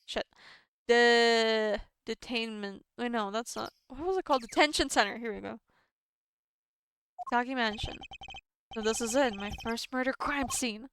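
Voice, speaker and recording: A woman's voice: fairly high pitch, moderate pace, a bit bright, slight background noise. A woman whose first language is Estonian or Russian, streaming a visual novel, reading dialogue aloud and stumbling, self-deprecating, over words.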